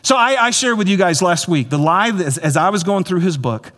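A man preaching a sermon as pastor, animated and repetitive, speaking straight to his congregation. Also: high-pitched, brisk. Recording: long hall reverb.

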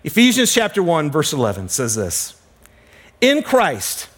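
A man preaching a sermon as a pastor, telling stories with dramatic slowdowns and hushed emphasis. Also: fairly high pitch, wildly swooping pitch, breathy edge.

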